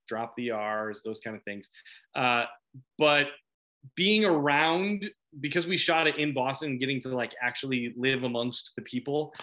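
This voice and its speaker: A middle-aged man from Chicago chats as a guest in a casual interview. His voice is bright and forceful, and he laughs often. He rambles, restarting his sentences as he goes. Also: fairly high pitch. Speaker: actor guest.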